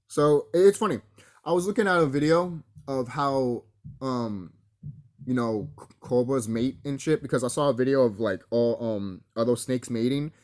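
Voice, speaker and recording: A vlogger with a mid-range, slightly slow and mellow voice rants to camera on spiritual matters, addressing his enemies directly. He is profane and confrontational, laughing between threats and quoting others in mimicry.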